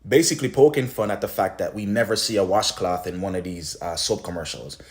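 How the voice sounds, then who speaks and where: A man from the Caribbean with a very deep, low voice tells a storytime about an online argument. He sounds sarcastic and indignant throughout. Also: fairly quick, faint music behind. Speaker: comedy skit creator. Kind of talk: storytime commentary.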